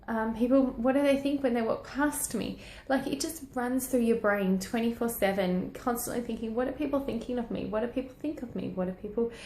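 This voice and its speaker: A woman's voice: fairly high pitch, a little mellow, echoey room, a little hiss or hum. A woman, talking earnestly into a phone held at arm's length, rambling and encouraging herself and her audience. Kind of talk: personal selfie video talk.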